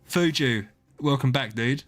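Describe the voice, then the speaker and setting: Brief: male streamer, casual rambling chat, animated rise and fall. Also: mid-range voice. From southeast England. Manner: chatty, rambling, swears, reads out viewer names. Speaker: game streamer.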